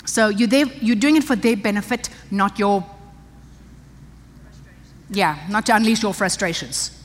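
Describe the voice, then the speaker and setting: With a medium-pitched voice and a measured pace, an older woman gives a sermon to women at church. As the pastor's wife, she speaks conversationally but with emphasis, and the sound rings with long church-hall reverb.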